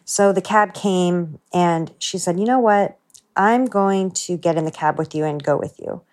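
A woman's voice: lowish voice, a little slow, a little mellow. A woman telling a heartfelt personal story in an earnest, reflective way, dropping her voice for her own inner thoughts. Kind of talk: personal story told to a producer.

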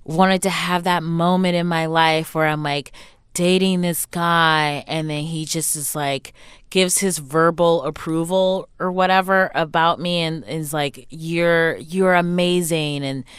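Animated woman with a smooth, low voice. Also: a little slow, no echo, clean studio sound. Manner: animated, acts out quoted voices, frequent "like" fillers. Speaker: interview guest, author. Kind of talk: candid interview conversation.

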